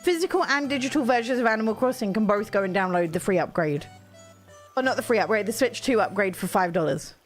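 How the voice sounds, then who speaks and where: A woman's voice: medium pitch, lively intonation, fast, faint music behind. A woman chatting casually on a live game stream, reacting to viewers' comments. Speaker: streamer playing a video game.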